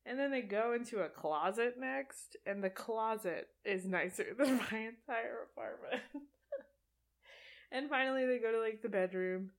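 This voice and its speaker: A young woman giving a casual, sarcastic movie recap as a podcast host. She is animated and laughs often. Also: on the high side.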